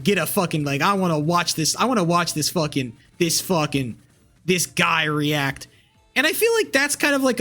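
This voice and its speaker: A man's voice: high voice, fairly bright tone. A young man streaming live, rambling casually with crude language and lots of fillers and restarts.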